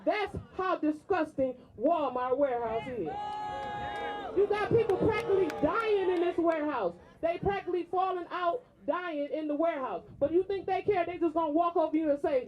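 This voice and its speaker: A woman's voice: very high voice, moderate pace, muffled recording, background noise. A woman worker giving an indignant, emphatic rally speech, driving points home by repeating them. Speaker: striking warehouse worker.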